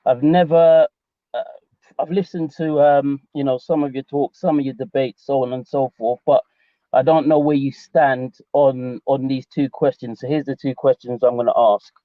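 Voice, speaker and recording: A man's voice: mid-range voice, steady tone, moderate pace, dry recording. London man calling in, dry lo-fi sound. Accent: London English. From England. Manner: polite, hesitant, with many fillers and restarts. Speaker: caller. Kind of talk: casual call-in conversation.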